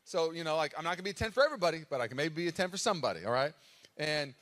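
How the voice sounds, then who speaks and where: Fast-talking American pastor preaching. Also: male voice, a little high. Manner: animated storytelling with dramatic acted-out cries. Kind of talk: sermon. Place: church auditorium. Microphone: live stage microphone.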